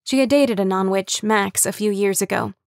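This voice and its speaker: A woman narrating an audiobook with even, wry storytelling on a close studio mic. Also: mid-range voice, moderate pace, creaky, dry recording. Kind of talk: scripted narration.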